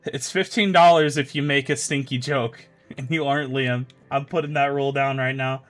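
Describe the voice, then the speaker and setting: A man's voice: medium pitch, fairly even intonation, normal speed, a bit bright, soft background music. A male streamer chatting loosely and swearing freely, then reading fan fiction aloud. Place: home streaming setup.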